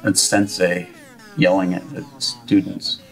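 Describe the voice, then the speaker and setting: A man's voice: deep voice, level tone, takes it slowly, gravelly, faint music behind. A man, a band's guitarist, joking around in a casual group commentary recorded in a hotel room. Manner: joking, playful. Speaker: band member, guitarist.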